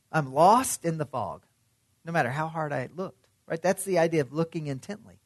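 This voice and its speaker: A man's voice: on the high side, moderate pace, no echo, clean studio sound. A man preaching a sermon in a conversational way, often asking his listeners questions. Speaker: pastor.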